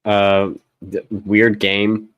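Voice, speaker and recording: Male co-host, low voice, dry booth sound, halting delivery. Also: monotone, smooth, dry recording, dull audio. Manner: halting, with restarts and soft laughs. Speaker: podcast co-host. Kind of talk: casual sports podcast chat.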